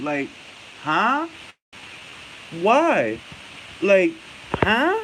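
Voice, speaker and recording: Brief: New York-accented male boxing talk host, lively high voice, blunt and profane, laughs a lot. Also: normal speed, a little hiss or hum, poor audio. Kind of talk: casual commentary, answering viewer comments.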